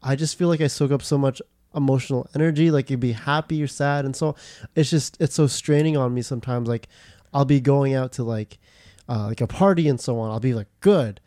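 A man's voice: mid-range voice, brisk, warm tone, no room sound, clean studio sound. A young man co-hosting a podcast, rambling in casual chat with lots of fillers and restarts. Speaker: podcast co-host.

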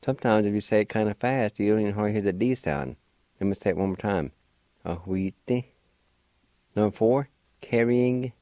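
A man hosting a radio language lesson, slowly spelling out words letter by letter and repeating them patiently. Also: fairly low pitch, dark tone, no room sound. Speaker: language teacher and radio host. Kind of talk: slow word-by-word language lesson. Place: radio studio.

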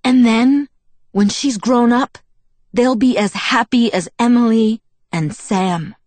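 A woman's voice: fairly high pitch, slow, a little mellow, dry recording, voice pushed up. A woman voicing an earnest, protective young man in an audiobook, speaking with impassioned, pleading intensity. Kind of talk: audiobook character voice.

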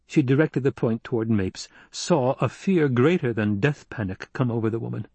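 Brief: male narrator, mid pitch, husky, measured storytelling, dry close sound. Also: darkish tone, dry recording. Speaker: audiobook narrator. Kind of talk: scripted narration.

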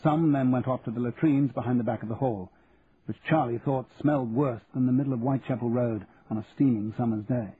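A man narrates a book in a measured, steady voice of middling pitch. The recording is narrow and phone-like. A faint hiss sits behind him. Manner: measured and even. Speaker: audiobook narrator. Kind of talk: scripted narration.

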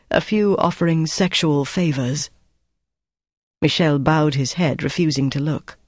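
Measured audiobook narrator, dry sound. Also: medium pitch, no room sound. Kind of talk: scripted narration.

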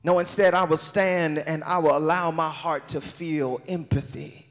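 A man with a high voice preaches in a church sanctuary, his delivery swelling into a sung, shouting cadence. His voice rings through a long hall reverb. Soft music plays beneath him. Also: steady tone, unhurried. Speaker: pastor. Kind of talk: sermon.

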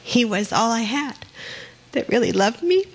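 A woman sharing a personal story with a group in an earnest, halting way while tearful. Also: on the high side, expressive, slightly rough. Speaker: workshop participant.

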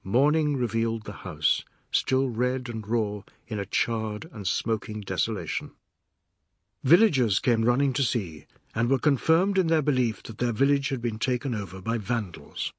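Man reading a novel aloud, steady, husky tone, dry sound. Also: medium pitch, no echo. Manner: measured, steady storytelling. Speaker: audiobook narrator. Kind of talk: scripted narration.

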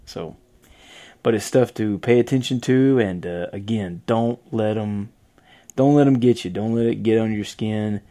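A man's voice: fairly low pitch, unhurried, dark tone. A man hosting a casual podcast chat, rambling, trailing off and laughing often. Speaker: podcast host.

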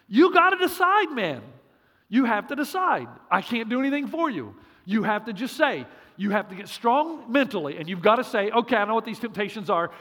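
A man's voice: very high voice, very animated, moderate pace, sharp tone, long reverb tail. A man preaching a sermon as pastor, punchy and joking, with emphatic repeats.

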